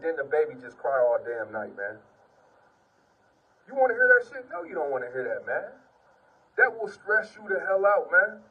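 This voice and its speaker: A man preaches and reads scripture with a raspy, fairly high voice. He is earnest and repetitive, dropping "man" into nearly every line. He sits some distance from the mic, so he sounds a little far away. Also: sharp tone, lo-fi sound. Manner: sits on the ground while preaching. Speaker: preacher giving a testimony. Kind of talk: informal preaching and scripture reading.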